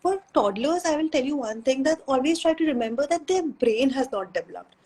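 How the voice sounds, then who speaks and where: A woman's voice: sits high, lively intonation, fairly quick, darkish tone, rough recording. A woman chatting on a parenting live stream, giving earnest advice and slipping in Hindi phrases. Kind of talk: casual live chat.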